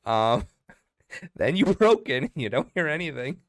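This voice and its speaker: A man's voice: a little high, very animated, unhurried, no room sound, studio quality. A man running a tabletop role-playing game as game master, casual with many fillers and laughs.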